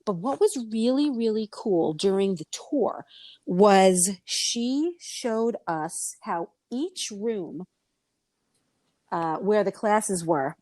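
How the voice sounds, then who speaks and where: A woman's voice: mid-range voice, slow, no echo. A middle-aged woman hosting a podcast, telling stories in casual chat and acting out the voices she quotes. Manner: animated storyteller, acts out quoted voices. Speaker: podcast host.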